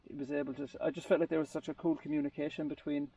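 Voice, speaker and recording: A little high and sing-song, his gravelly, husky, mellow voice races as he tells a long story in casual group conversation. He rambles, searches for words and often restarts sentences. The lo-fi recording sounds distant and muffled.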